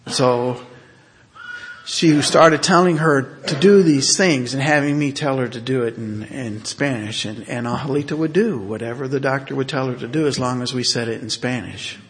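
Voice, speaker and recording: A man telling a personal family story in a halting way, with many fillers and restarts. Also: mid-range voice, slight background noise.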